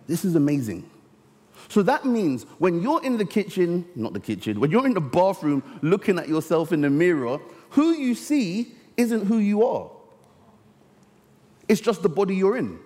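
Male preacher, higher voice, very lively pitch, slows to stress words, sermon, big echoing hall. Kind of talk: storytelling sermon. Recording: long reverb of a large hall.

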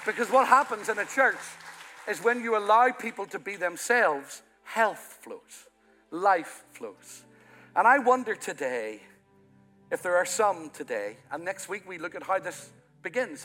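A bright, ringing male voice from Ireland preaches from a church platform. He rises to loud, emphatic peaks and then drops to a near-hushed intimacy, a touch high for a man, with soft band music beneath him. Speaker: pastor. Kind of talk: sermon.

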